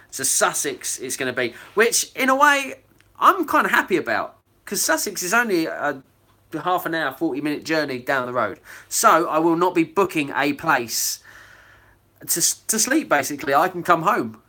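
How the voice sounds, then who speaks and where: A man's voice: fairly high pitch, sharp tone. A man hosting a casual live video hangout, chatting loosely with lots of fillers and reading out viewer comments. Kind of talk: casual live-stream chat.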